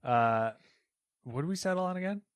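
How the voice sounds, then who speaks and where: A man's voice: fairly high pitch, lively intonation, normal speed, clear, resonant tone, no room sound. A man co-hosting a gaming news podcast, telling stories in a rambling, casual way with many fillers. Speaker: podcast co-host reading news. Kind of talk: casual chat.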